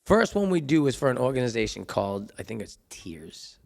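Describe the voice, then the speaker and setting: Gravelly man telling stories. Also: fairly quick. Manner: animated, acts out quotes in high voices. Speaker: comedian and podcast host. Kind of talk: casual storytelling.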